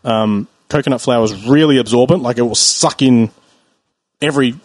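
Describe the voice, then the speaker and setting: Brief: relaxed male podcast co-host, hesitant, chatty, dry close-miked voice. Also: medium pitch, normal speed, dry recording. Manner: easygoing, laughs often, explains with hesitant fillers. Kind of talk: casual chat.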